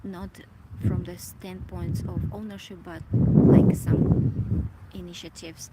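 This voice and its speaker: A woman vlogging a reflective personal monologue, emotional and halting, often restarting as she searches for words. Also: lowish voice, level tone. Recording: loud background noise.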